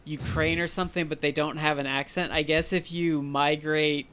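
An American man co-hosting a podcast, chatting casually, animated and self-deprecating with lots of fillers. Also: fairly high pitch, moderate pace, clear, resonant tone. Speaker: podcast co-host. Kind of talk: casual chat.

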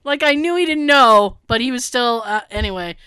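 Animated, bright-voiced woman chatting. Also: fairly high pitch, moderate pace, clean tone, no echo. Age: middle-aged. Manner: animated storyteller who laughs often and swears. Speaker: podcast co-host. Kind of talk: casual chat.

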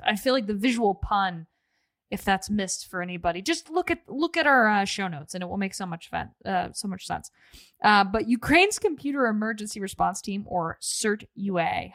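A woman's voice: mid-range voice, fairly bright tone, no room sound. Chatty woman podcast host, dry sound. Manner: chatty and laughing, self-deprecating. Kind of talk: casual podcast chat.

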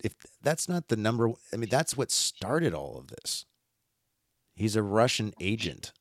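A man's voice: on the low side, big pitch swings, moderate pace, no echo, studio quality. A man hosting a podcast, chatting casually and bluntly, with some swearing and heated opinions. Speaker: podcast host. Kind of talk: casual political chat.

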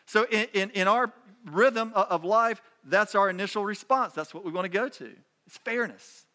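A man's voice: high voice, normal speed, sharp tone. A man preaching a sermon in a conversational, emphatic way, often restarting his phrases. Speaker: pastor.

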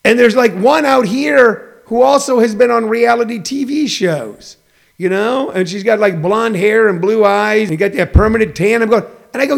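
A man's voice: sits high, moderate pace, creaky. A man hosting a show, ranting bluntly and mockingly for laughs. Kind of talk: comedic rant.

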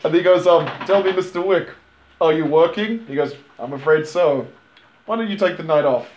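Man, casual podcast co-host, slightly high voice, lively expletive-laced film recap, echoey room. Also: normal speed, dull audio, slight background noise. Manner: animated retelling with swearing and impressions. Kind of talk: casual chat. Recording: roomy echo.

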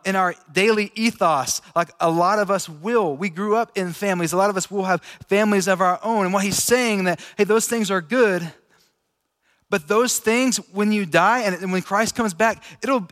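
High-voiced man preaching in an echoey hall. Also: normal speed. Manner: relaxed, chatty, laughs easily. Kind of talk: casual conversational sermon. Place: large room with an audience. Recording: echoey hall with long reverb.

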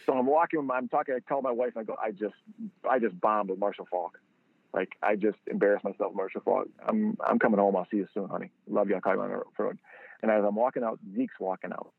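Speaking quickly in a low, gravelly voice, the male founder of a football training product is a guest in a relaxed storytelling interview. He performs quoted lines in a higher pitch, and the sound is dry, tinny, echo-free phone-line audio.

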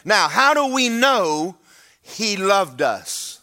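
A man's voice: high voice, sing-song, slow, pushed and bright. A man, preaching a sermon to his church in a folksy, humorous, emphatic way. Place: church sanctuary.

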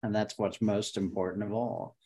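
A man co-hosting a casual sports podcast, excitable and swearing, muttering to himself as he searches. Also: on the low side, moderate pace, noisy background. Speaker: podcast co-host. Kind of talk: casual chat.

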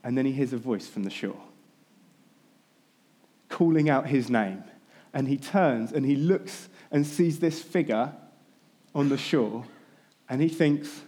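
A man, a pastor, giving a sermon, telling a story in a relaxed, conversational way. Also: medium pitch, slow, pauses often.

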